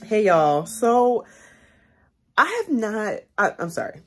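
A young woman from the Chicago area of the United States chats casually to camera in a home vlog. Her mid-range voice is sing-song, slow, and fairly bright, and she tends to repeat herself and often calls viewers "y'all."

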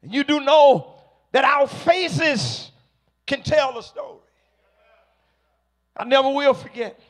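A man preaching a sermon to a congregation, slow and emphatic, rising to shouted peaks. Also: very high-pitched, expressive.

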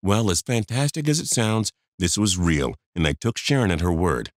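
A man's voice: low voice, big pitch swings, moderate pace, dry recording, clean studio sound. A man in his fifties narrating a first-person story, confiding and talking straight to the listener.

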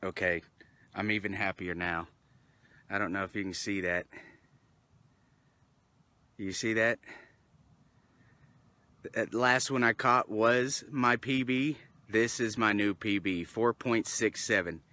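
A man out on a boat, shouting and swearing with excitement as he shows off the fish he caught. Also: on the low side, slow pace, pauses often. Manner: exclamatory, swearing, lively bursts. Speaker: angler. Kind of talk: excited fishing vlog commentary. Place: boat on a lake outdoors.

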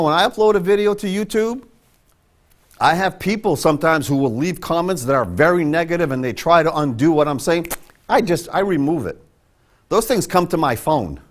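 A man preaching a sermon from a church pulpit, emphatic and conversational. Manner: emphatic, conversational preaching with sudden pitch jumps. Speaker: pastor. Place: church sanctuary.

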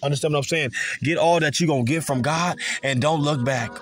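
A man's voice: a little high, a little fast, music in the background. A man, giving a profane motivational sermon, emphatic and repetitive with heavy swearing. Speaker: motivational speaker.

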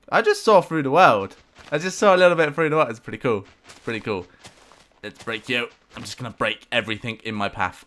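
A man giving excitable, self-mocking let's-play commentary, talking back to the game with sudden outbursts. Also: medium pitch. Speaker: gameplay commentator.

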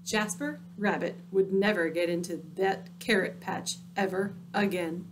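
A woman reading a picture book aloud, dramatic and dropping into hushed, spooky tones. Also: medium pitch, fairly even intonation, measured pace, slight background noise. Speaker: storyteller.

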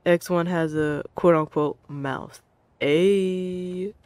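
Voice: mid-range voice, very slow, no echo. Rambling, jokey VTuber streamer voice. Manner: rambling and jokey, lots of "like", minced oaths and laughter; bursts into excited yelling during gameplay. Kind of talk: casual live game-stream commentary.

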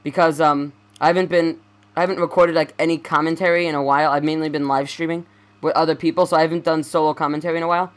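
A man's voice: on the high side, flat delivery, racing, fairly bright tone. A young man giving casual let's play commentary, rambling and stammering as he corrects himself.

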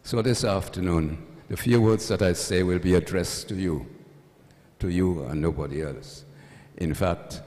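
A male priest gives a funeral sermon in a very deep, low voice. He speaks slowly and deliberately, keeping a solemn tone with dry humor, and his words ring out with a long church reverb. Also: a little mellow. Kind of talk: gospel reading and funeral homily.

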